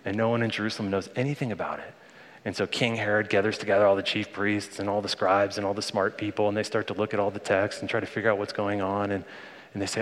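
A man's voice: fairly low pitch, level tone, fast. A man in his thirties preaching a sermon to his congregation, earnest and conversational, speaking to them directly. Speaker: pastor. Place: church sanctuary. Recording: long reverb of a large hall.

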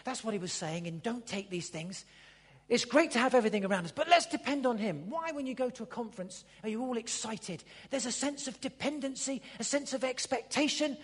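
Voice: high-pitched, lively intonation, a little fast, breathy edge. Emphatic preacher in a reverberant church. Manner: emphatic, repeats phrases, drops to a hush for emphasis. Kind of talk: sermon. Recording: long reverb of a church hall.

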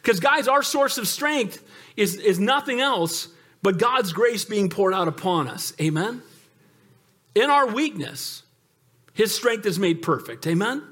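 A man's voice: high voice, expressive, a little slow, fairly bright tone, breathy edge. A man, a pastor, preaching a sermon in a conversational, emphatic way, joking with the congregation and calling out for amens.

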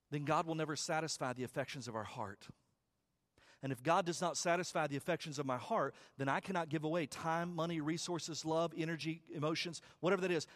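A man preaching a sermon as pastor, talking conversationally, repeating words, and building to loud, high climaxes.

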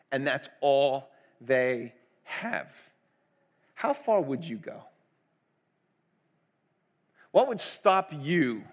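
A man's voice: a little high, a bit bright. A middle-aged man preaching a sermon, earnest and conversational, asking the congregation questions. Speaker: pastor.

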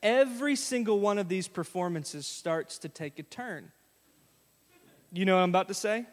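A man's voice: high-pitched, moderate pace, big-room sound. A male pastor giving a sermon in a conversational, storytelling way, often asking the congregation questions. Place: church sanctuary.

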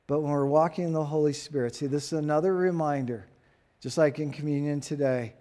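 A man preaching as pastor, earnest, putting rhetorical questions to his congregation and dropping into soft, quiet asides. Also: a little high, fairly even intonation, brisk. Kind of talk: sermon.

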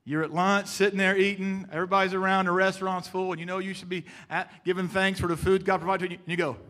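High, bright-voiced man preaching a sermon. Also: level tone, fast. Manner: emphatic, stammering restarts, rhetorical questions to the congregation; swings from loud emphasis to soft, hushed delivery.

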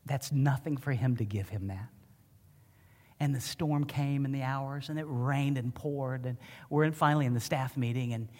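A man preaching a sermon as pastor, telling a personal story in an emotional, animated way. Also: mid-range voice, normal speed, in a large hall. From Ohio. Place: church.

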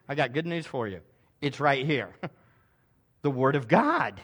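A pastor preaching a sermon with emphasis, swinging between hushed asides and loud proclamations and calling for responses from the congregation. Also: male voice, medium pitch, huge pitch swings, moderate pace, long pauses.

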